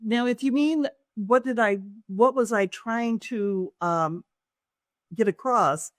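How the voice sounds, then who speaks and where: A woman's voice: a little high, takes it slowly, no room sound, studio quality. A woman, an author and business owner, telling a personal story in an interview and acting out other people's lines as she goes.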